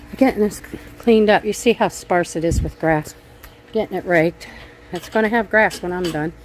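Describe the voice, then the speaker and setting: A middle-aged woman with a lowish voice talks straight into a phone as she walks her backyard garden outdoors. She is blunt and foul-mouthed, venting her anger between remarks on her plants. A faint outdoor hum sits under her voice. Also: normal speed, a little mellow. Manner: blunt and profane, venting angrily. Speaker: vlogger. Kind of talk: casual gardening vlog. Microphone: handheld phone camera.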